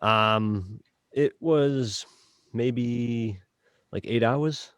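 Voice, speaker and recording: A man with a Boston accent co-hosting a casual podcast chat, halting and full of fillers as he sums up a game. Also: medium pitch, a bit bright, clean tone, no echo, clean studio sound. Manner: halting, many fillers and restarts. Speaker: podcast co-host reviewing a game.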